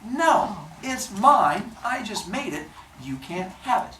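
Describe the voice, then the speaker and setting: A woman voicing a hyper newborn boy god who is eager and playful, with a squeaky, sing-song manner. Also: sing-song, takes it slowly, fairly bright tone. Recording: roomy, distant mic, faint noise.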